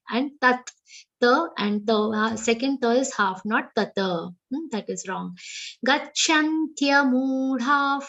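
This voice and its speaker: A woman with an Indian English accent leads an online class, chanting each verse slowly and precisely before correcting its sounds. Her voice sits high and her pace is unhurried. The call audio is dull and lo-fi. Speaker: Sanskrit recitation teacher. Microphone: online video call.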